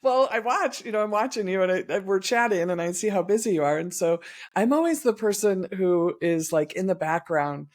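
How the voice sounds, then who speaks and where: A host interviewing a guest, speaking in a warm and caring way. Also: mid-range voice, animated, brisk. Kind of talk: interview conversation.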